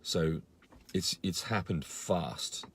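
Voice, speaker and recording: Husky deep-voiced man, indignant and earnest. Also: drawn-out words. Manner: earnest, indignant, many fillers and restarts. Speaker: campaigner on a live video. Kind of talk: casual live-stream update.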